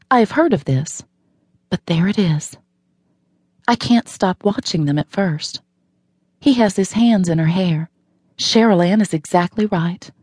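A woman's voice: lowish voice, darkish tone, husky, no echo. A woman narrating a novel in the first person, wry and matter-of-fact, recorded in a studio. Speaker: audiobook narrator.

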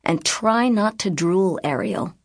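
A woman's voice: medium pitch, lively intonation, slow. A woman voicing a tall, somber teenage boy who talks politely but gives firm commands.

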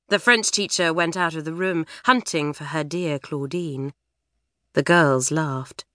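A woman narrating a children's novel with lively, expressive storytelling in a studio. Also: deep voice, unhurried, dry recording. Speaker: audiobook narrator. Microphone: studio microphone.

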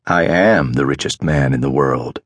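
Man doing a super rich guy, very low voice, quiet and commanding. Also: normal speed, no room sound. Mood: calm, arrogant. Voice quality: quiet, soft-spoken.

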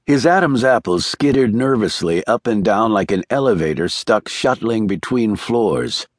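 In clean studio sound with no echo, a man with a fairly low voice reads a thriller audiobook, keeping his storytelling measured and even.

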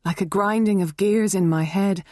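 A woman's voice: mid-range voice, steady tone, normal speed, darkish tone, no room sound, studio quality. A woman narrating a novel in a wry, conversational first-person storytelling manner. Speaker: audiobook narrator.

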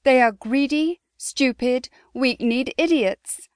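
A woman's voice: sits high, takes it slowly, clear, resonant tone, dry recording, studio quality, pitched above the performer's own voice. A woman voicing a defiant, fiery young noblewoman in an audiobook, speaking indignantly. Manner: indignant, emphatic. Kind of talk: audiobook character voice.

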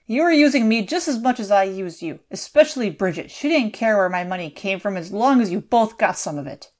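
A woman's voice: medium pitch, animated, fairly quick, a little mellow, close to an everyday voice. A woman voicing a cold, mocking male lord villain in an audiobook, with a cool, sneering manner.

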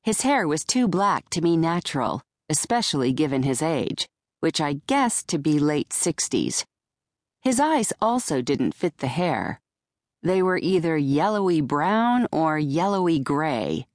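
Low-voiced woman narrating wryly. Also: very animated, measured pace, no echo. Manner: dry, wry storytelling. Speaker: audiobook narrator. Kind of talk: scripted first-person narration. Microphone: close studio mic.

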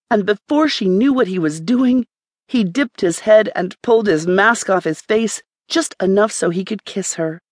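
A woman narrating a romance audiobook in a measured, even storytelling manner. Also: mid-range voice, no echo, studio quality.

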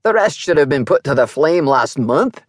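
Narrator puttin on a gruff scottish highlander, young guy, blunt n dry, higher pitch. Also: big pitch swings, normal speed, dry recording. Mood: wry. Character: gruff brawny Highland warrior, young man.

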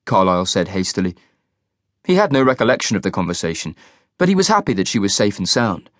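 A man narrating a crime thriller audiobook in an expressive reading style. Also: lowish voice, fairly quick, no echo, studio quality. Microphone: studio microphone.

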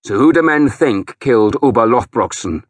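Brief: man doing a defiant young Saxon lord, husky voice with lively swings, loud. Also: medium pitch, normal speed, no room sound, lightly acted. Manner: defiant, shouting. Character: proud young male Saxon warrior lord, quick to anger.

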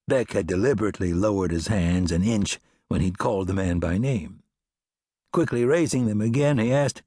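A man narrating a western audiobook with expressive storytelling. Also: on the low side, moderate pace, husky, no room sound, clean studio sound. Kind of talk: scripted narration.

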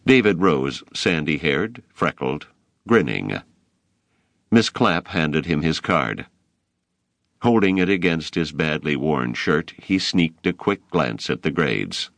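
A man narrating an audiobook in a very low voice with a lively, shifting pitch. He tells the story in an expressive, unhurried way, close to the mic. The studio sound is dry, with no room echo. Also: gravelly. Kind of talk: scripted narration.

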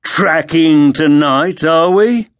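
A man's voice: on the high side, slow, clean tone, pitched above the performer's own voice. A man voicing a young male night watchman who taunts and mocks a stranger in an audiobook. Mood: taunting.

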